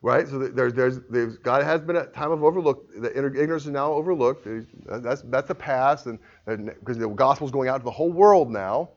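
A man preaching a sermon in an earnest, emphatic way, swinging between quiet reasoning and forceful pleas. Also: medium pitch, brisk, hardly any pauses. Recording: dull lo-fi sound.

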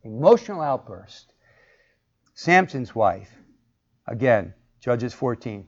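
A man's voice: medium pitch, animated, normal speed. A man teaching a Bible class, asking the group questions and acting out the lines he quotes. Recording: muffled lo-fi recording.

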